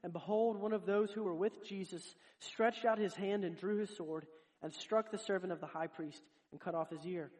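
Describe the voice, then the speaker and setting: A man's voice: sits high, moderate pace, darkish tone. A man preaching a sermon, earnest and direct, talking straight to his congregation.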